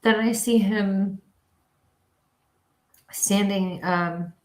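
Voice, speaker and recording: A woman's voice: mid-range voice, fairly even intonation, extremely slow, a little mellow. A woman hosting a livestream as a psychic medium, chatting casually, laughing often and relaying spirit messages. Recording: echoey room.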